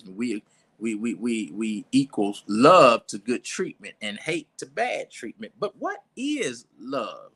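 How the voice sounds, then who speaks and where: A man's voice: mid-range voice, very animated, slow, a bit bright, breathy edge. A man preaching an informal sermon in a church, talking conversationally with asides and restarts.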